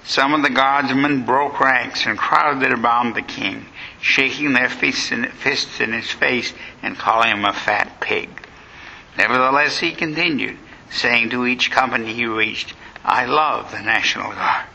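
A man's voice: mid-range voice, measured pace, vocal fry, bright, forceful tone, slightly rough, dull audio. A man giving a dramatic history lecture, telling the story vividly and acting out the quotes.

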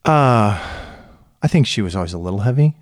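A middle-aged man with a Chicago accent, a podcast guest telling stories in a blunt, animated way. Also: fairly low pitch, brisk, dry recording, studio quality. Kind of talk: casual podcast chat.

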